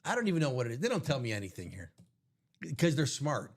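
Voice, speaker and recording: A man's voice: medium pitch, wildly swooping pitch, fast. A man co-hosting a live sports card break, chatting and rambling through sports tangents. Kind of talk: casual live-stream banter.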